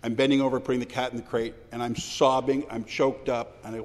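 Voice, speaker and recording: A man speaking in a parliamentary debate, personal and anecdotal, with halting restarts. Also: mid-range voice, level tone. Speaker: legislator answering questions. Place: large legislative chamber. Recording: long reverb of a large hall.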